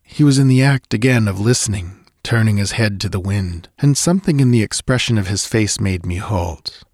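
A man reads a literary story aloud in a measured, somber first-person voice. His voice is low-pitched, and the recording is dry and close. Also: darkish tone, dry recording. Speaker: audiobook narrator. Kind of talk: scripted narration of a literary tale.

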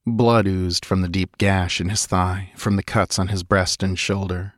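A man narrating a fantasy audiobook in an expressive, measured storytelling manner. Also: sits low, dry recording, studio quality.

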